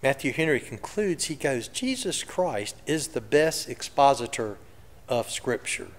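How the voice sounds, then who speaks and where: A man's voice: mid-range voice, very animated, a little slow, big-room sound. A man preaching a sermon in a reflective, conversational way. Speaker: pastor. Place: church sanctuary.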